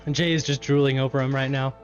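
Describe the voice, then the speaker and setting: A man live-streams from his home kitchen, chatting casually with his chat, laughing often and eating while he talks. His voice is medium-pitched, and the audio has its highs cut off.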